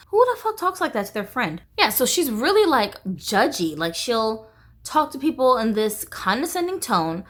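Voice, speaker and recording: A woman vents to camera in a casual, exasperated monologue, swearing bluntly. Her voice sits a little high and moves a lot in pitch. She sounds frank and fed up. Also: big pitch swings, normal speed, fairly bright tone. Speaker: vlogger.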